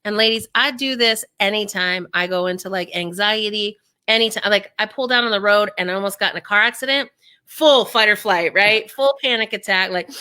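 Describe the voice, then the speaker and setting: A woman speaking coach as an interview guest, energetic and acting out inner voices as she explains. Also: mid-range voice.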